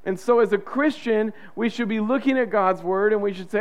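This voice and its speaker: A man's voice: high-pitched, fairly quick, clear, resonant tone. A man preaching a sermon as pastor, in a conversational way, acting out the inner voices of the people he describes.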